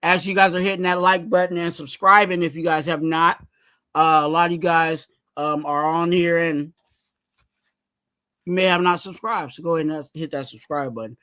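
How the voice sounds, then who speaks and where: Bright-voiced man rambling through sports talk. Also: fairly high pitch, steady tone, normal speed, clear, resonant tone. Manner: rambling, restarts, asks viewers to subscribe. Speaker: fan channel host. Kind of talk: casual sports commentary vlog.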